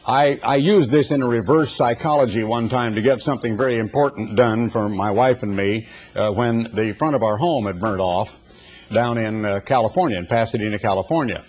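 Husky older man preaching folksy sermon. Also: on the low side, brisk, a little mellow. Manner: folksy storytelling with humorous asides. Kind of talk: sermon with anecdotes.

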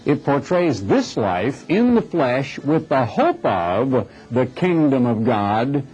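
A man preaching a recorded sermon, emphatic and slowing down on key phrases, from the United States. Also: mid-range voice, sing-song, darkish tone, breathy edge. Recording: dull lo-fi recording with faint music.

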